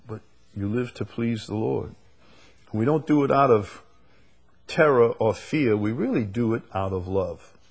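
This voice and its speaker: A man teaching through Bible verses to a small group, earnest and repeating key phrases, reading scripture slowly. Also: mid-range voice, vocal fry, a little mellow, breathy edge. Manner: speaks to a live group.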